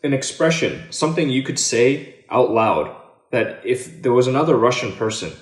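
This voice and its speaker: A man's voice: medium pitch, lively intonation, normal speed, roomy sound. A man hosting a casual chat, who keeps pressing his question with jokes and casual swearing. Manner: persistent, joking, swears casually. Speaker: host.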